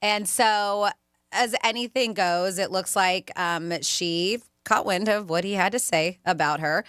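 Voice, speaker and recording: A woman co-hosting a radio talk show, telling stories in an animated, chatty way. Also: mid-range voice, a little slow, clear, resonant tone, no echo, studio quality. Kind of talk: casual radio chat.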